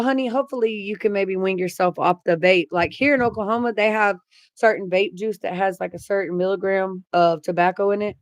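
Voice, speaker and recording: A woman's voice: fairly low pitch, no echo. A middle-aged woman hosting a casual livestream, reading comments aloud and talking bluntly with lots of swearing. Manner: blunt, swears freely, chatty. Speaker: livestream host reading chat.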